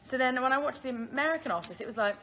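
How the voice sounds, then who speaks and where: High-pitched, bright and forceful, her voice races along with lively intonation as she chats casually on a phone livestream. She's a British woman in her twenties from the Isle of Man, answering viewer questions and often laughing at herself, with slight background noise behind her.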